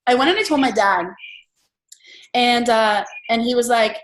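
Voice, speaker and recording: A woman hosting an entrepreneur meetup, talking in a chatty, animated way with lots of fillers. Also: on the high side, a little slow, roomy sound, poor audio. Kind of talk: casual group chat.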